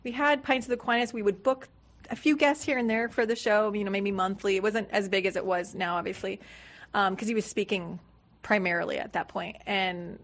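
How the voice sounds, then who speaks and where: A woman's voice: medium pitch, fairly even intonation, fairly quick, fairly bright tone. Woman guest on a radio show, chatty, tells stories, does little quote voices. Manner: chatty storyteller, acts out quotes. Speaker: guest, business manager. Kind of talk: casual studio interview. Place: radio studio.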